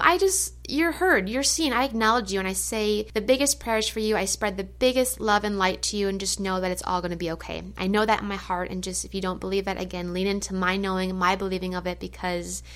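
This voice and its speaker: A woman's voice: mid-range voice, steady tone, brisk, few pauses, fairly bright tone. A woman hosting a podcast, closing with effusive, affirming encouragement and a chatty story full of "like". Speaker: podcast host. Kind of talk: motivational podcast sign-off.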